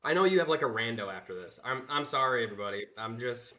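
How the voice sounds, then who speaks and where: A man's voice: medium pitch, animated, fast talker, sharp tone. A man commentating his live speedrun, nervous and apologetic, stammering and restarting his sentences.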